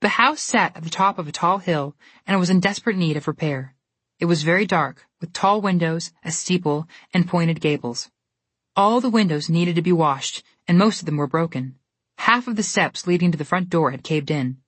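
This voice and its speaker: A woman narrating a storybook in a steady, even reading manner. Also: lowish voice, normal speed, breathy edge, no room sound.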